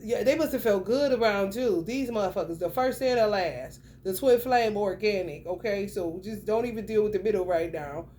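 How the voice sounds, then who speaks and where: A woman's voice: mid-range voice, moderate pace, few pauses, dark tone, a little hiss or hum. A woman giving a casual tarot reading to the camera, blunt and profane, talking straight at the viewer with lots of emphasis. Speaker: tarot reader.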